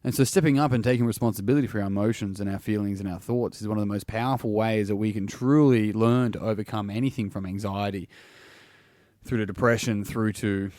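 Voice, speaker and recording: A man's voice: lowish voice, steady tone, quick pace, darkish tone, no echo, clean studio sound. A man hosting a solo podcast and working as a coach, talking casually and bluntly, swearing freely and restarting his sentences often.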